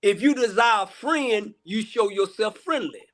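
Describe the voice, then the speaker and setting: A man with a high-pitched voice speaks as a guest pastor. He talks in an emphatic, repetitive preaching cadence, circling back on phrases to drive each point home. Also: measured pace, fairly bright tone. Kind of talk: casual preaching chat.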